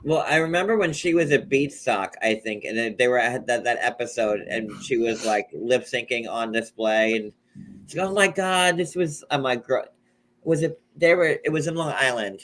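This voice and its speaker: A man's voice: mid-range voice, normal speed, a bit bright. A man hosting a casual, joking chat, rambling and gossipy, who often slips into mocking impressions. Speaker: podcast host.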